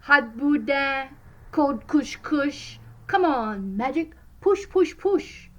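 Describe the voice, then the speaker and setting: A woman's voice: sits high, expressive, a bit bright, lo-fi sound. A woman voicing a bossy fairy godmother. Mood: brisk. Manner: brisk, chanting spells.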